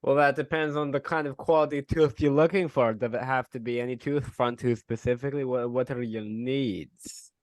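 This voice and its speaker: A man's voice: mid-range voice, fairly even intonation, moderate pace, dry recording. A man playing a tabletop game, easygoing and joking as he rolls dice. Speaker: player.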